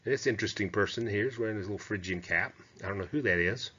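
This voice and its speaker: A man's voice: fairly low pitch, quick pace, sharp tone, husky. A man giving a chatty, digressive lecture on historical costume, talking through slides with fillers and asides. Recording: dull, muffled lo-fi lecture recording.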